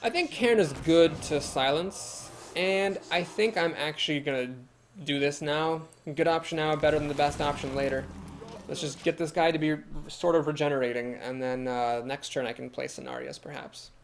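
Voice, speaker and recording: A man's voice: fairly high pitch, normal speed, vocal fry, slight background noise. A young man with a Midwestern American accent, chatting and thinking aloud while streaming a card game and answering chat. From Ohio, USA. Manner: chatty, thinks aloud, reads chat comments and laughs easily. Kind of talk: live gameplay commentary.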